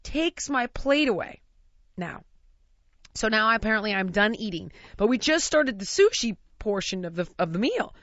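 A woman from the United States telling a long funny story in casual chat, animated and often laughing as she acts out what people said. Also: mid-range voice, normal speed, no echo. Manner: animated, laughs through her own story, acts out quotes. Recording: dry, slightly dull lo-fi sound.

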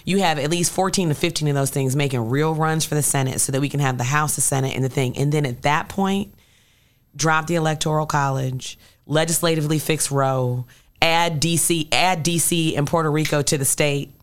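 A woman with a notably low voice talks politics as a guest, emphatic and rallying. She is from Illinois and presses her points hard, repeating lines for effect. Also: fairly quick. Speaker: state senator guest. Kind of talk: political chat.

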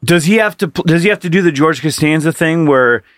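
A man's voice: fairly high pitch, animated, a little fast, dry recording, clean studio sound. A man co-hosting a comedy podcast, tossing out playful what-if questions in casual chat. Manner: poses playful hypothetical questions. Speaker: podcast co-host.

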